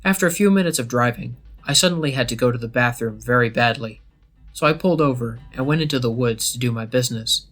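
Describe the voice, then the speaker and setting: A man with a mid-range voice narrates a scripted first-person horror story, keeping his delivery steady and measured. Faint music plays in the background.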